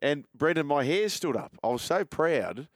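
A man's voice: fairly high pitch, animated, normal speed, dry recording, studio quality. A man hosting a sports radio show, telling a story with enthusiasm and footy comparisons. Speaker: radio host. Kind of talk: casual radio chat.

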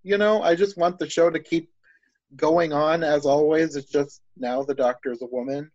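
A man's voice: fairly high pitch, steady tone, normal speed, darkish tone, no room sound. A man in casual chat, enthusiastic and rambling, thinking aloud as he talks. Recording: dull lo-fi dry sound.

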